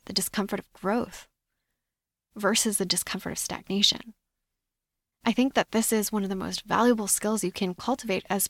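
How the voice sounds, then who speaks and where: A woman hosting a solo podcast, talking in a measured, reflective coaching tone. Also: medium pitch, vocal fry, a bit bright, dry recording. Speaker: podcast host.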